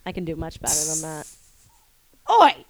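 A woman's voice: on the high side, expressive, normal speed, crowd noise. An American woman co-hosting a podcast, chatting playfully and swearing now and then. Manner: playful, teasing, swears casually. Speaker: podcast co-host. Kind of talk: casual chat.

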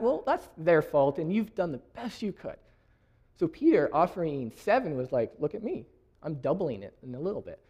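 A man's voice: a little high, a little mellow. A young man from Canada giving a sermon, reading scripture aloud and laughing often. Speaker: preacher.

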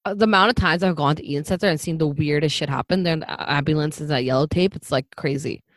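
Low-voiced young woman chatting casually. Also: fast. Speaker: listener in a casual chat. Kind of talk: casual chat.

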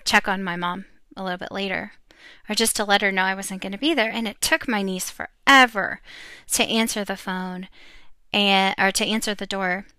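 A middle-aged woman sharing an emotional personal testimony about her faith, talking earnestly with pauses and fillers. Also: medium pitch, pushed and bright, clean tone, no room sound. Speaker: Christian speaker sharing a testimony.

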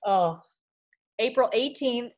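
A woman's voice: a little high, expressive, slow. Chatty woman podcast co-host. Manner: chatty, with lots of fillers like "like". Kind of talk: casual chat.

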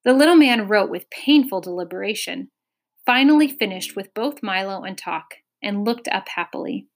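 A woman narrating a chapter of a children's storybook. Her delivery is expressive, with dramatic pacing, and her voice sits at a middle pitch. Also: moderate pace. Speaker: audiobook narrator.

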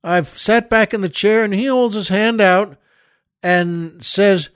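A man's voice: sits high, takes it slowly, fairly bright tone, smooth, no room sound, clean studio sound. A man hosting a show, telling a comic story in an exasperated, rambling, incredulous way. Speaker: podcast host.

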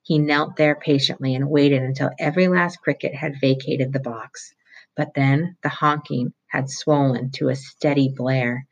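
A reader reading a novel chapter aloud at a steady pace, with small slips and restarts. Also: mid-range voice, husky, lo-fi sound. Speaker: audiobook reader.

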